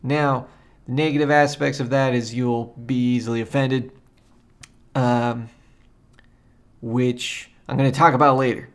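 A man's voice: medium pitch, level tone, unhurried, pauses often. A man hosting a solo spiritual podcast, rambling and meandering in a loose, conversational way and often repeating himself. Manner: loose and conversational, with frequent ums and asides. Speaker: podcast host.

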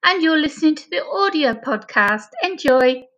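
A woman's voice: high-pitched, expressive, normal speed, a bit bright, muffled recording. A woman hosting a podcast interview, chatty and a little rambling as she introduces and questions her guest. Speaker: podcast host. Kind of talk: casual interview chat.

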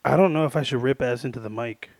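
A man's voice: mid-range voice, fast, darkish tone, no room sound. A young man hosting a casual podcast, joking, swearing and laughing a lot. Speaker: podcast host. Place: garage bedroom. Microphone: studio mic.

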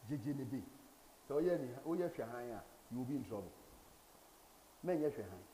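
A man's voice: mid-range voice, warm tone, roomy sound, slight background noise, poor audio. A man preaching a sermon as a pastor in a church, emphatic and driving each point home by repeating phrases.

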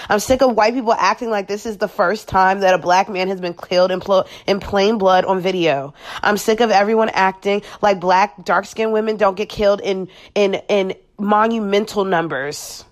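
A woman's voice: mid-range voice, fairly even intonation, normal speed, hardly any pauses. A woman talking candidly as a podcast guest, blunt and profane, often restarting her sentences. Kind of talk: candid personal reflection.

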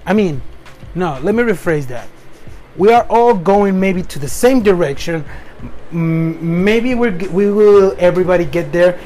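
Spanish-accented guy doing a motivational podcast rant, kinda high voice, keeps saying okay?. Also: darkish tone. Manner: earnest, rephrases himself often, ends points with "okay?". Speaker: podcast host. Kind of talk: motivational monologue.

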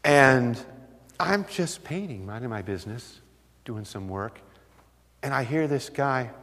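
A man preaching a sermon, telling stories with lively delivery and acting out the voices of the people in them. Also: mid-range voice, a little slow, pauses often. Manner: animated storytelling, acts out voices. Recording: long hall reverb.

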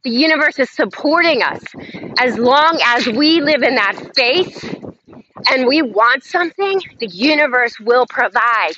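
A woman's voice: high voice, animated, a little slow, pushed and bright. A woman hosting a motivational talk, speaking emphatically and leading chant-like affirmations. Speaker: host. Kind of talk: motivational self-help talk. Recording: slightly dull lo-fi audio, faint noise.

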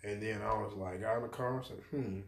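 A man's voice: on the low side, fast talker, reverberant. A man, a pastor and podcast co-host, telling a story in casual chat and acting out the voices of people he quotes.

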